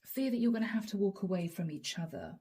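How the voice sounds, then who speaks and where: A woman giving a channeled tarot reading, speaking slowly and softly, sometimes dropping into a whisper. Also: medium pitch, lively intonation, breathy edge. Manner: slow, soft, drawn-out delivery with whispered asides. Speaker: tarot reader.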